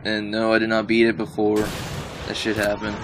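A man's voice: on the low side, completely flat delivery, normal speed, noisy background. A man giving casual gameplay commentary, venting his frustration in rambling, profane talk full of fillers. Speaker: gaming video uploader.

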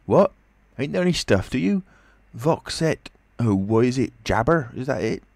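A man's voice: mid-range voice, big pitch swings, normal speed, gravelly, a little mellow, dry recording, voice pushed up. A man voicing a frightened, blustering tramp who talks in coarse rustic speech, in a storybook reading. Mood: agitated.

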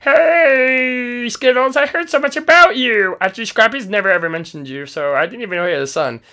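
A man's voice: extremely high pitch, a little fast, pushed and bright, pitched above the performer's own voice, exaggerated voice. A man voicing a friendly male camp buddy in a chummy way during a game role-play.

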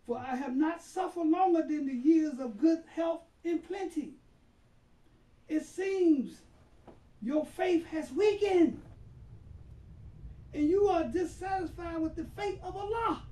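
A man voicing a patient, suffering old prophet who speaks slowly in a low, soft, solemn voice. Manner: slow, hushed, solemn. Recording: roomy hall, voice far from mic.

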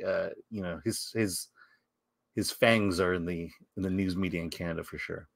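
A man co-hosting a film talk livestream, laid-back and quick to laugh. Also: low voice, gravelly, no room sound. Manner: laid-back, laughs often, animated storytelling. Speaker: co-host of a film talk show. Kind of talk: casual livestream chat.

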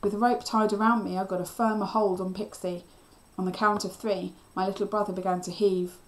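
Woman teacher, reading a children's novel aloud, steady storytelling, mid pitch. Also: brisk.

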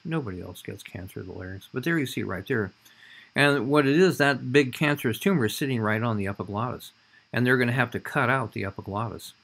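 In a recorded anatomy lecture over slides, a man with a gravelly, fairly bright, medium-pitched voice talks conversationally, frequently checking in with "all right?".

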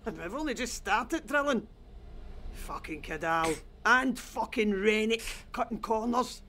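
A grumbling rig worker. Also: female voice, a little high, animated, a little slow, pushed and bright, slight background noise. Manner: grumbling, coarse, wry. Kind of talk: video game voice acting.

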